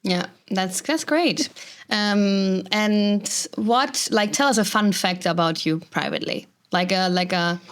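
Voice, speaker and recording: A woman's voice: medium pitch, slow pace, clean tone. A woman co-hosting a podcast who asks the guest friendly questions and also reads a prepared news segment evenly. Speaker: podcast co-host.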